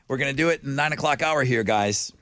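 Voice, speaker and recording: A man hosting a morning radio show, chatting in a lively, jokey way and laughing easily. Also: medium pitch, fast, no room sound, clean studio sound. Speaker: radio host. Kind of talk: morning radio chat and live ad reads.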